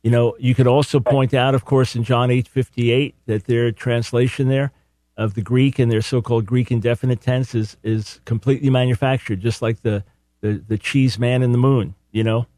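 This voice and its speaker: A man's voice: mid-range voice, fairly even intonation, normal speed, dark tone, dry recording, studio quality. A man hosting a call-in radio show, talking earnestly and emphatically, often doubling words as he starts a thought.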